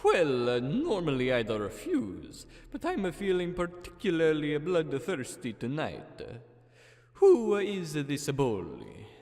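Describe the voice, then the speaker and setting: A man voicing a squat, gleefully menacing Italian plumber hero in a high, bouncy, exaggerated put-on Italian accent. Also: huge pitch swings, slow pace, darkish tone, heavily acted. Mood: eager. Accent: thick Italian, put on. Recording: echoey, music behind.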